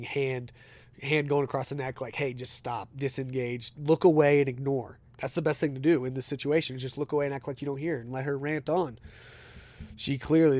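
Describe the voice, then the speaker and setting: A man hosting a podcast, telling a story in a casual, animated way and acting out the dialogue with some indignation. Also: mid-range voice, dry recording. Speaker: podcast host.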